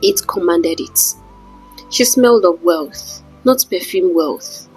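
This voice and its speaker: A woman narrating a folktale in a dramatic, measured way with wry asides. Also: fairly low pitch, animated, darkish tone, husky, soft background music, low-quality recording. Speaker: storyteller. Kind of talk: scripted story narration.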